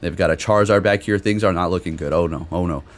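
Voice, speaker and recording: A man giving casual, excitable commentary over his own competitive game matches, swearing now and then. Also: deep voice, fast. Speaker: gaming commentator.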